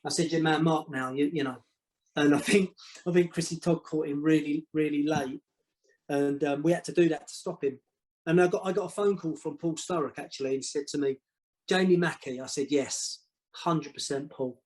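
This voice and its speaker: A man tells stories as a podcast guest in a fairly high voice. His delivery is casual and animated. He stumbles and repeats words, and he slips into the voices of other people as he goes. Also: normal speed, poor audio. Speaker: guest, former football manager. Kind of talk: casual storytelling.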